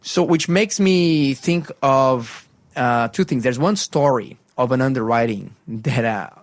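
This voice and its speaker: A man's voice: unhurried, no echo. A man hosting a breakfast show on faith radio, retelling a Bible story with lots of fillers and restarts and acting out the voices. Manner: animated storyteller, acts out voices with rising pitch, many fillers and restarts.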